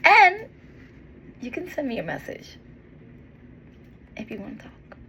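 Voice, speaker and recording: A woman giving a heartfelt, encouraging monologue as a vlogger, earnest and tender, with pauses and restarts. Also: sits high, huge pitch swings, bright, forceful tone, a little hiss or hum, low-quality recording. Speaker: motivational vlogger.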